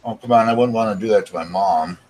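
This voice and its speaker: A man's voice: lowish voice, fast talker, noisy background. A man hosting a casual live stream from his living room, chatting with guests while he tinkers and mutters.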